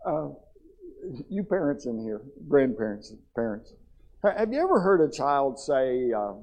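A man's voice: medium pitch, sing-song, unhurried, a little mellow. A middle-aged man preaching a sermon in a church, impassioned, with stammered restarts as he builds. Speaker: pastor.

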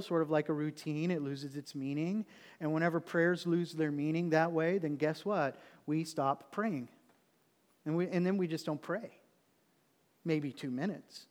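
A fairly high-voiced man preaches to his congregation, talking earnestly and plainly as if to friends. He sometimes drops to a near-hush to make a point. His voice rings with the long reverb of a church hall. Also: unhurried. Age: adult. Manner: earnest and conversational, dropping to a hush for tender points. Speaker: pastor. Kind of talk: sermon.

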